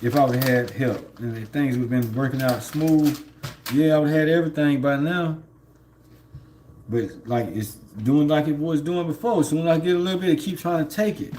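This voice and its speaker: A man's voice: on the high side, moderate pace, background noise. A man, livestreaming from home, rambling in a laid-back way with lots of fillers and laughs. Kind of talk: casual spiritual monologue.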